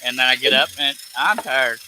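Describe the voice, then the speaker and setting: A man's voice: medium pitch, brisk, bright, forceful tone, slight background noise, poor audio. A man chatting casually on a live stream, easygoing and reading comments aloud. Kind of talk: casual chat.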